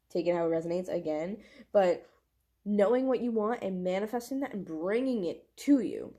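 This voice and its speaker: A young woman talking straight to camera through a tarot reading, gushing and excitable, full of "like". Her voice is mellow and warm, sitting at a middle pitch. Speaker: tarot reader.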